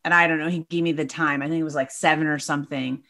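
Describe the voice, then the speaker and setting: A woman's voice: deep voice, steady tone, fast, bright, forceful tone. A woman talking as a podcast guest in casual chat, loose and chatty with lots of "like" and "you know".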